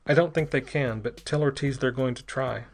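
A man's voice: medium pitch, normal speed, natural voice. A man narrating a story voices a rattled male radio operator on a ship, talking in a tense, shaky rush. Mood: urgent.

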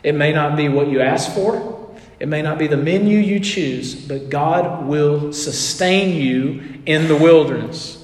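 High-voiced man preaching in an echoey hall. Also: a little slow. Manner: conversational preaching, asks the audience questions, acts out quotes. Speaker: pastor. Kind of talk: sermon.

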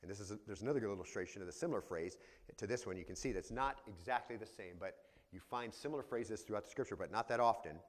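Man, pastor, expository sermon, teaching tone, low voice, long reverb of a sanctuary. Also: fast talker. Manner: teaching, explains Greek words of the verses. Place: church sanctuary.

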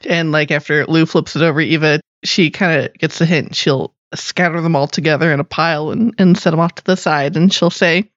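A woman's voice: deep voice, fairly even intonation, fairly quick, hardly any pauses, dry recording. Casual woman game master, dry recording. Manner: descriptive, casual with fillers. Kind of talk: narrating a tabletop game. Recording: slightly dull, dry recording.

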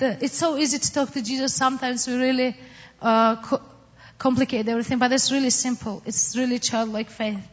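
A woman from the Middle East tells her personal testimony in a slightly high voice. She is earnest and halting, with many fillers. The recording is dull and carries a long reverb, as in a large hall. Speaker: testimony speaker.

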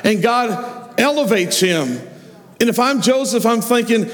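Preacher guy acting out the stories, kinda high voice, big echoey church. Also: lively intonation, unhurried, fairly bright tone. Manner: storytelling, acting out quoted figures. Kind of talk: sermon. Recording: long hall reverb.

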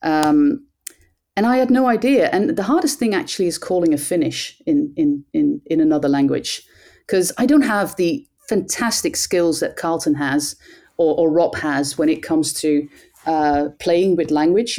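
A woman with a Dutch accent, a cycling commentator, talking in an animated, self-deprecating way with frequent restarts. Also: sits low. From Netherlands. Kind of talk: conversational interview.

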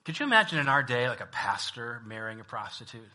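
A man preaching a sermon as a pastor, talking conversationally and swinging from hushed reading to loud emphasis. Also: medium pitch, sing-song, fast talker, few pauses.

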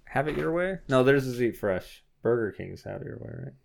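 A man's voice: mid-range voice, lively intonation, a little fast, creaky, slight background noise. A young man co-hosting a casual podcast chat, joking and laughing often as he tells stories. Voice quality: laughs often, jokey and playful. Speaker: podcast co-host.

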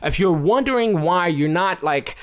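A young man preaches in an earnest, conversational way, full of casual fillers. His pitch swings widely, rising high on key points and sinking low for quiet asides. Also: expressive, normal speed. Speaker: preacher and author. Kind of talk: sermon.

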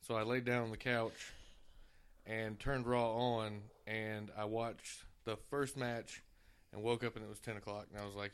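A man's voice: on the low side, flat delivery, moderate pace, clear, resonant tone. A man in his thirties co-hosting a podcast, telling loose, profane stories in casual chat. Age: 30s. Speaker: podcast co-host.

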